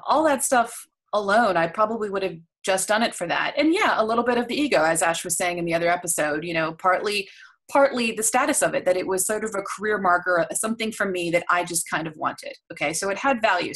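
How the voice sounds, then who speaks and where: A woman's voice: lowish voice, fairly bright tone. A woman co-hosting a podcast in casual chat, telling stories candidly and with animation. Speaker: podcast co-host.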